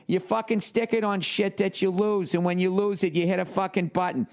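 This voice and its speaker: A man putting on a brash guy for a comic ad read, swearing constantly with a gravelly voice. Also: high-pitched, fairly even intonation, brisk, pitched above the performer's own voice.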